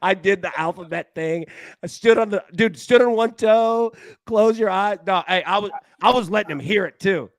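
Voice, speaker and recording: A man hosting a sports betting show in casual chat, an animated, rambling storyteller who often restarts his sentences. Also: high-pitched, moderate pace, no room sound. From Tennessee.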